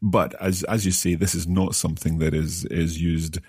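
Scottish male learner on a lesson podcast; low, husky, dry studio sound, halting delivery. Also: little pitch movement, a little mellow, no room sound. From Scotland. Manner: hesitant, repeats words while thinking. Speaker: language learner and co-host.

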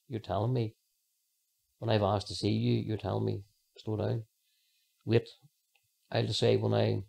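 A man tells his faith testimony as a podcast guest. His voice is gravelly and sits fairly low, with a crackle at the bottom. He talks earnestly and rambles, full of fillers and restarts. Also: darkish tone. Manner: earnest storytelling.

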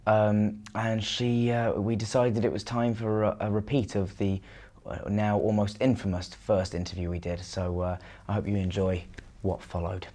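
Young male diarist, lowish voice, easygoing and hesitant, close mic. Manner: relaxed, halting, many fillers. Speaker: video diarist. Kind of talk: video diary. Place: theatre dressing room.

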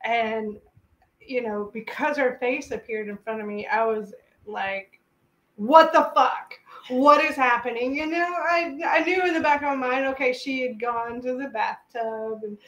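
A woman telling a personal story in a casual way, animated and exclaiming, with lots of "like". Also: a little high, moderate pace. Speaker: co-host telling a shared story. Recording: echoey room.

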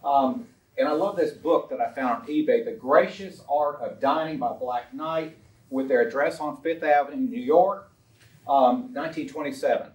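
A man with a slightly mellow, medium-pitched voice gives an illustrated lecture on a historical collection at a normal speed. He's chatty and anecdotal, with frequent ums and uhs, and the distant mic makes the sound roomy.

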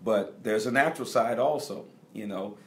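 A man's voice: on the low side, moderate pace, a little hiss or hum. A middle-aged man preaching as a bishop, speaking directly to his congregation and repeating key phrases for emphasis. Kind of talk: teaching sermon.

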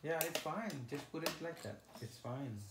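A man playing with his young son, talking casually, patiently asking gentle questions and repeating the child's words. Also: fairly high pitch, animated, moderate pace. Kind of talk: casual playful chat with a child. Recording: echoey room with background noise.

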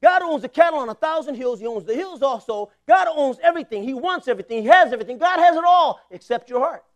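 Man, 40s, pastor, high voice, fervent sermon with call-and-response. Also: lively intonation, fast talker. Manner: impassioned preaching with call-and-response.

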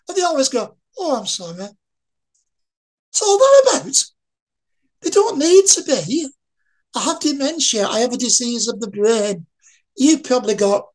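Frank, lively woman interviewee. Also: sits high, low-quality recording. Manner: frank, lively, asks the listener rhetorical questions. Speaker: interviewee sharing lived experience. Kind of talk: candid conversational talk.

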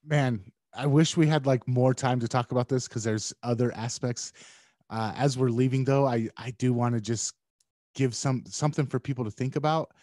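A man co-hosting a podcast in casual conversation, speaking reflectively with hesitant, halting pauses. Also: medium pitch, steady tone, darkish tone, no echo, clean studio sound. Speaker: podcast co-host.

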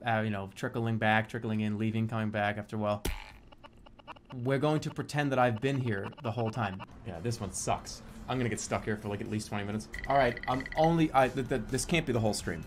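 A man's voice: mid-range voice, fast talker. Swearing streamer man, theatrical rants. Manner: theatrical mock-angry ranting, lots of swearing, swings to loud outbursts. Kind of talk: casual live-stream chat while gaming. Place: home streaming setup, seated at a desk. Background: game music.

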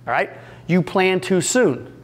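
Man, high voice, upbeat seminar speaker, joking and talking straight to the audience. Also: a little slow. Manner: energetic, joking, addresses the audience directly and acts out little scenes. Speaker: seminar speaker for fence company owners. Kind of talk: business seminar talk. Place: retreat event room with a live audience.

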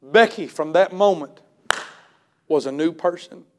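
A man preaching a revival sermon in a church service, retelling a story with emphasis and swinging between shouting and hushed tones. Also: a little high, background noise. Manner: storytelling, retells others' words with drawn-out emphasis.

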